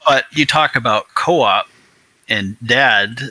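Bright-voiced young man telling anecdotes. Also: medium pitch, takes it slowly, no room sound, poor audio. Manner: lively anecdote teller. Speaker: co-host, son. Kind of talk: casual chat.

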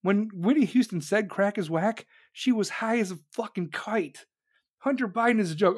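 Man, show host, profane rant, mocking, slightly high voice. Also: moderate pace. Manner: loud, animated, heavy swearing, mocking voices. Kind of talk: profane rant on a talk stream.

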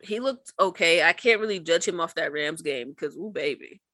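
A woman's voice: lowish voice, lively intonation, moderate pace, sharp tone, no room sound. A woman co-hosting a podcast, chatting casually about sports, laughing often and doubting her own picks. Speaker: podcast co-host.

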